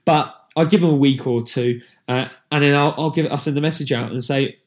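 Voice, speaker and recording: A man's voice: fairly high pitch, fairly even intonation, brisk. A man, a fitness coach giving a chatty, rambling motivational talk to camera, digressing and joking about himself.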